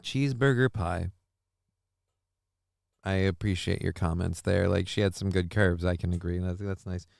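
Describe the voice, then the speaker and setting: A man's voice: sits low, fairly even intonation, normal speed, gravelly, pauses often, a little mellow, no room sound, studio quality. A man hosting a casual live-streamed talk show, rambling, chatting with viewers and reading news, wiped out and fuzzy. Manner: rambling, chats with viewers, reads news aloud. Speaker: show host.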